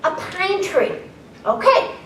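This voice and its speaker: High, animated woman giving a keynote. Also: slow, distant mic. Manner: lively, playful, often questions the audience. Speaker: keynote speaker. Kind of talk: live presentation to an audience. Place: conference room with a live audience. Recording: echoey room, voice a little off-mic.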